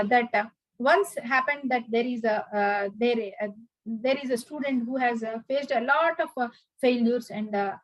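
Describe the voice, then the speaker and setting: A woman's voice: a little high, no echo, poor audio. A woman giving an earnest advice lecture, full of fillers and restarts. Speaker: instructor.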